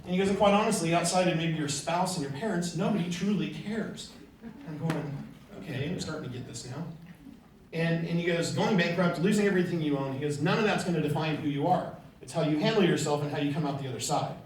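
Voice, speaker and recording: A man's voice: fairly high pitch, fast, a little hiss or hum. A middle-aged man giving a motivational speech, telling stories and acting out the conversations in them. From California. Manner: storytelling, acting out quoted conversations. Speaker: motivational speaker. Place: large hall before an audience. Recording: echoey hall, mic from far off.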